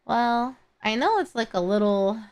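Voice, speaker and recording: A woman's voice: on the high side, expressive, unhurried, smooth, no room sound. A young woman chatting casually on a live stream, tired and rambling, with many fillers and restarts. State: tired and yawning. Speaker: streamer reacting to videos and chat.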